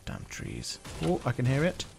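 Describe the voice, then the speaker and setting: A man doing jokey game commentary, talking to himself with sudden excited yelps. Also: medium pitch, normal speed, gravelly, background noise. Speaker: gaming channel host.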